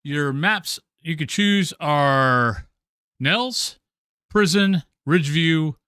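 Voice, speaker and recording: A man streaming a video game, talking casually and chattily with his viewers and swearing loudly when startled. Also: fairly high pitch, lively intonation, very slow, clean tone, no room sound. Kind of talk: gaming stream commentary.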